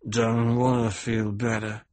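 A man voicing a drunk, surly male swordsman who speaks slowly with careful, precise enunciation. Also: on the low side, level tone, darkish tone, dry recording.

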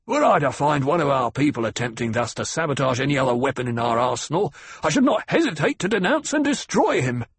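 A proud, prickly older security chief, played by a male reader, biting off his words in a clipped, defensive growl. The voice is raspy and husky, a little high. It's recorded close and dry in an audiobook reading. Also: very animated, fast talker, no echo. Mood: stiff, defensive. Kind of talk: audiobook character voice.

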